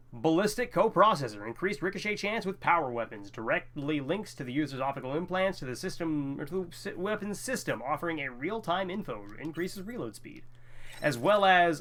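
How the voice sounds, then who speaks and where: A man's voice: fairly high pitch, fairly bright tone. A man giving casual, rambling commentary while playing a video game, often tripping over words. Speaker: let's play host.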